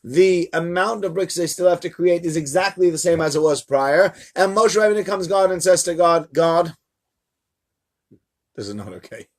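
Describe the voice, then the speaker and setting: A man, a rabbi, teaching a live-streamed Torah lesson to a small audience in a room, in an animated, chatty storytelling manner. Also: sits high, moderate pace, few pauses. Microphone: camera mic.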